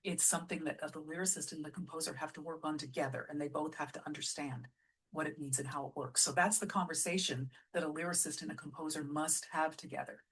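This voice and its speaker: A woman who runs a musical theatre company, explaining lyric writing in a casual teaching vlog, patient and often restarting phrases, sounding out example lines slowly. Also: low-pitched, fairly even intonation, a bit bright, breathy edge. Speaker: musical theatre artistic director.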